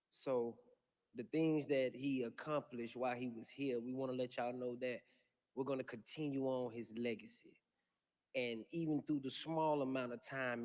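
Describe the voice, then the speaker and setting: A man giving an impassioned funeral speech with a preacher-like cadence, addressing the family and mourners in a large hall. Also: mid-range voice. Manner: speaks with passion, preacher-like cadence. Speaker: eulogy speaker. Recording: long hall reverb.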